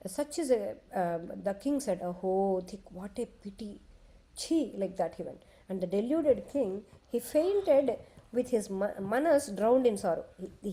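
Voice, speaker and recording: A woman retelling a sacred epic in a devotional discourse, talking conversationally and pausing to explain for children. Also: mid-range voice, warm tone. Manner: conversational, explains to children, frequent restarts and "okay". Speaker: scripture storyteller.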